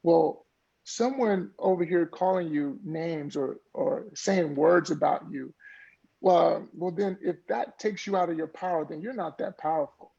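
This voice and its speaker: A man's voice: a little high, a little slow, vocal fry, darkish tone, breathy edge, highs cut off. A man speaking as a podcast guest, an earnest mindfulness coach who talks in a motivational way and often repeats words as he builds a point. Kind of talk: conversational interview.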